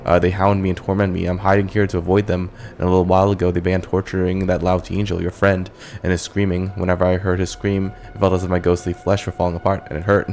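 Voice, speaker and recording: Bitter demon-spawn ghost woman, read by a man, deep and flat. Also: fast talker. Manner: resentful, read aloud plainly.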